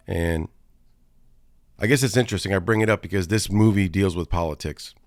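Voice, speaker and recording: Deep-voiced rambling man, dry room. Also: smooth, dry recording. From Florida, USA. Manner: rambling, digressive, frequent restarts and casual swearing. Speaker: podcast host, film reviewer. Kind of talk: casual rambling monologue.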